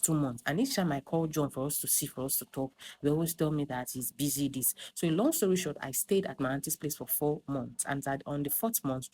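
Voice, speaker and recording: A woman's voice: rumbling low, darkish tone. A young woman, telling her own story in an emphatic, dramatic way to a phone camera. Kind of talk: personal storytime confession.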